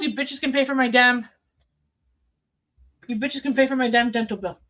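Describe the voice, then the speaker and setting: A middle-aged woman talks straight to her live stream viewers. She is blunt and defiant and swears freely. Her voice sits a little high and sounds bright and forceful. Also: fairly even intonation, normal speed, long pauses, dull audio. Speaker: livestreamer. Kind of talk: casual live stream chat.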